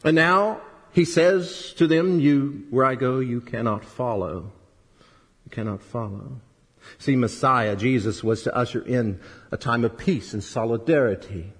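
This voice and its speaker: A man preaching a sermon, emphatic, rising loud and high then dropping low and soft, asking rhetorical questions. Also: a little slow, breathy edge. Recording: long reverb of a hall.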